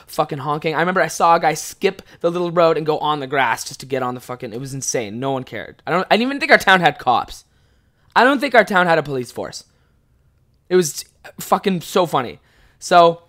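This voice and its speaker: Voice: medium pitch, fairly bright tone. A podcast host in their twenties, telling a long rambling story in a casual, swear-heavy way, often breaking into laughs. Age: 20s.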